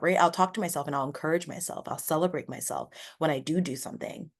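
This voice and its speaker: Female podcast host, low voice, casual rambling monologue, earnest and encouraging. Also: quick pace, few pauses. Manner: casual, rambling, many "like" fillers. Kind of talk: solo motivational podcast monologue.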